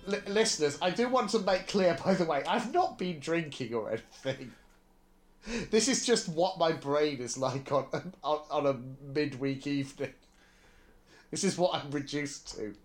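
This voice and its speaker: A man's voice: fairly high pitch, moderate pace. Hesitant, self-deprecating man. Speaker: podcast co-host. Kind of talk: casual chat.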